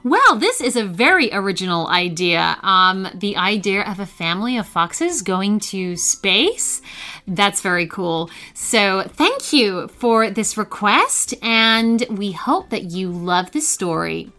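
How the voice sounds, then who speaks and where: A woman narrating a bedtime story for children, reading slowly and expressively. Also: mid-range voice, sing-song, bright, forceful tone.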